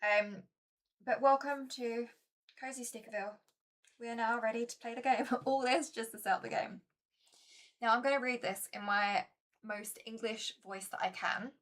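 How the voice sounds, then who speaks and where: A woman's voice: fairly high pitch, moderate pace, a bit bright. A woman chatting casually to her viewers while playing a board game, chatty and self-mocking.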